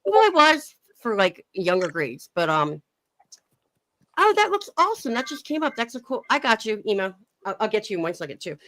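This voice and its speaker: A woman's voice: medium pitch, very animated, a little fast, a bit bright, dry recording. A young woman chatting casually on her live stream, reading chat messages aloud and laughing often.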